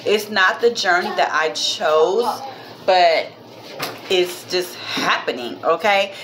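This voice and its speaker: Against background noise, a woman who vlogs about motherhood chats to camera, slow and low-voiced. She rambles warmly and devoutly, says "y'all" to her audience, and coughs once slightly.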